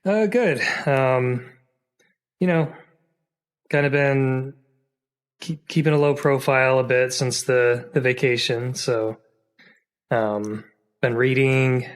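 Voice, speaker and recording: A man's voice: mid-range voice, slow pace, long pauses. A man co-hosting a podcast in casual chat, jokey and rambling with lots of fillers. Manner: chatty and jokey, with frequent fillers and restarts. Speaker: podcast co-host.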